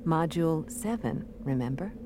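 A woman's voice: sits low, lively intonation, normal speed. A woman reading the part of a guarded male informant in an audiobook. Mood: awed. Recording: noisy recording.

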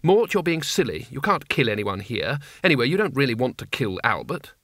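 A man's voice: mid-range voice, sing-song, brisk, a bit bright, no room sound, studio quality. Brief: man voicing a firm, worried young woman in a storybook reading. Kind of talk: audiobook character voice.

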